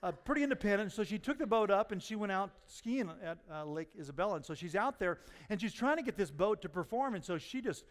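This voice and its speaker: Male pastor, sermon delivery, storyteller with loud punchlines, reverberant sanctuary. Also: sits high, lively intonation, quick pace, few pauses. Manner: storytelling, rising to near-shouts at punchlines. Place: church sanctuary.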